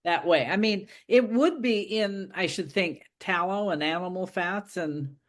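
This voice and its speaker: A woman's voice: on the low side, unhurried. A woman who hosts the show and writes books, talking casually and thinking aloud with many restarts. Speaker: host and author. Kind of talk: casual conversation.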